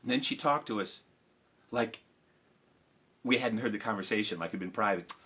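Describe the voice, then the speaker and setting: A man telling a story with big swings from loud to hushed. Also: on the low side, moderate pace, slightly rough. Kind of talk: animated storytelling. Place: home, live stream.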